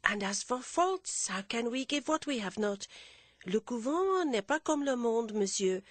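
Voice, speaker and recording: Modest elderly French nun, voiced by a woman, slow, halting and higher-pitched. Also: animated, dry recording. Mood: earnest.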